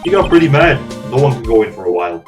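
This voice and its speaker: A man's voice: mid-range voice, big pitch swings, very fast, distant mic, close to an everyday voice. A man voicing a bumbling, friendly police detective in a fan dub of a game, speaking a little off-mic over game music. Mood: hearty. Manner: clumsy, chummy, slips into a goofy Canadian accent.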